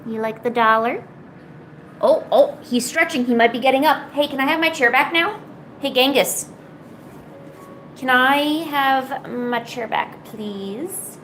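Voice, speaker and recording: A woman with a slightly high voice, talking casually and playfully to her cats as she draws. Her chat is loose and teasing. A faint room noise hums behind her. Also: moderate pace, a bit bright, rough recording. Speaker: streamer. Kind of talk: casual chat while drawing.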